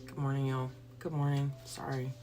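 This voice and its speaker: A woman's voice: very deep voice, level tone, normal speed, mellow, a little hiss or hum. A woman, hosting a livestream and ranting bluntly and profanely before a Bible reading. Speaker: livestream host. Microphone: phone or computer livestream.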